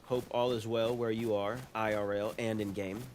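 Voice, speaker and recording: A man's voice: fairly low pitch, little pitch movement, moderate pace, a little mellow, slight background noise. A man chatting casually on a live game stream, playful, laughing often and greeting viewers in chat. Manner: laughs often, playful, trying silly voices.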